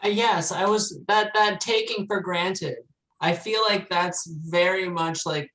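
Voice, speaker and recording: A woman student asking a question in a hesitant, halting way, searching for words. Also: lowish voice, a bit bright, poor audio.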